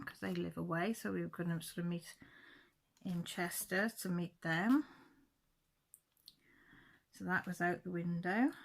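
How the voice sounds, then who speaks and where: Bright-voiced woman chatting while crafting. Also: on the low side. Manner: chatty, rambling, corrects herself mid-sentence. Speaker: crafting channel host. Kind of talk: casual chat while crafting.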